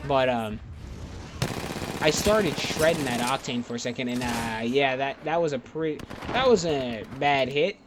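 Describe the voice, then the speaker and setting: Young guy rambling and cussing over his game clips, mid pitch, loud gunshots in the background. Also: unhurried. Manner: rambling, profane, laid-back. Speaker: gaming YouTuber. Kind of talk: casual commentary over gameplay clips. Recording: game gunfire noise underneath. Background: game gunfire and clicks.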